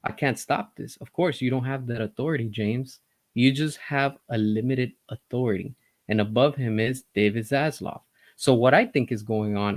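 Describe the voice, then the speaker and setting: A man giving casual, opinionated commentary, speaking directly to his viewers with animated emphasis. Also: mid-range voice, dry recording. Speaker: entertainment news commentator.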